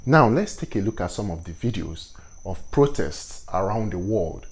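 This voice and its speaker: A man with a Nigerian accent, whose first language is Igbo, hosting a vlog and giving commentary on current events in a measured, deliberate and earnest way. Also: lowish voice, lively intonation. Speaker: host.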